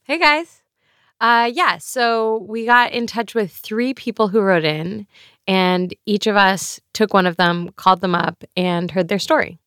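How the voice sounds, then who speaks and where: A woman's voice: mid-range voice, a little slow, fairly bright tone, clean tone, no echo, clean studio sound. A woman, a podcast producer, chatting casually and directly with the hosts. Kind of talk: casual chat.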